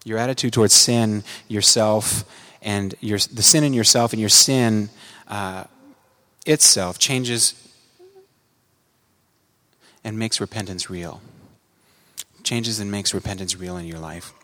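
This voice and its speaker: A man preaching a sermon, earnest, climbing to emphatic peaks and dropping low for quiet asides. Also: unhurried, long reverb tail. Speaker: pastor.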